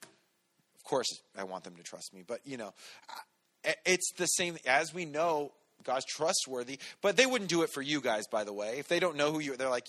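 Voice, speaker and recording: Bright-voiced man preaching casually. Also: medium pitch, moderate pace. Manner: relaxed, storytelling, talks to the congregation directly. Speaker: pastor. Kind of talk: conversational sermon.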